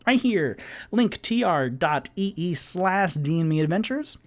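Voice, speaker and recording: A man's voice: sits high, expressive, slow. A man narrating and hosting a live-streamed tabletop game, talking casually with lots of fillers. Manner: casual, rambling, filler-heavy. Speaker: game master and show host.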